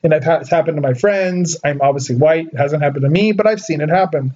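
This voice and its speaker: A young man from Southern California telling a story in casual chat, animated, laughing often and saying "like" a lot. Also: a little high, quick pace, lo-fi sound.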